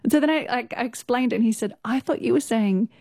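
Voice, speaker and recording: A woman's voice: on the high side, quick pace, darkish tone, dry recording, clean studio sound. A young Australian woman, a news presenter, telling stories casually in an interview, chatty, with many fillers and frequent laughs.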